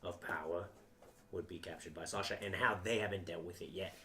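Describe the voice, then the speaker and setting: Low-voiced man player, joking. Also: fairly even intonation, fairly quick, sharp tone. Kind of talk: tabletop role-play.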